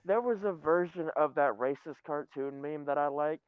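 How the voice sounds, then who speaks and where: Wry, high-voiced young-sounding man. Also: normal speed, clear, resonant tone, no echo, phone-quality sound. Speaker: podcast co-host. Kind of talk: casual chat.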